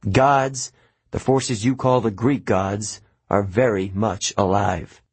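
Man doing a kindly centaur tutor, measured and formal, low husky voice, storybook read. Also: fairly even intonation, no echo, full character voice. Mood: earnest. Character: patient, kindly male centaur teacher.

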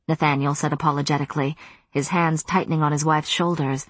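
A woman reading an audiobook in measured scripted narration. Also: low voice, steady tone, no room sound.

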